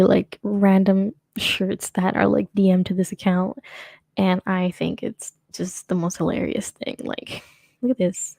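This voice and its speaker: A woman's voice: medium pitch, vocal fry, dark tone, no echo. A young adult woman hosting her own show, chatting casually and rambling with lots of fillers and restarts. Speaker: podcast host. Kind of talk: casual solo chat.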